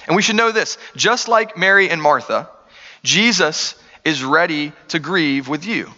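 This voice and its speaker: A man's voice: on the high side, animated, a little slow, sharp tone, lo-fi sound. Earnest preacher man in a big hall. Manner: earnest, conversational preaching with rhetorical questions. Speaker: pastor. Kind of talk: sermon.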